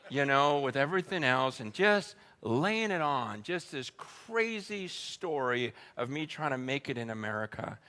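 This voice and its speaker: A man preaching a humorous sermon story, animated and laughing often, speaking straight to his audience. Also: a little high. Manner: addresses the audience directly.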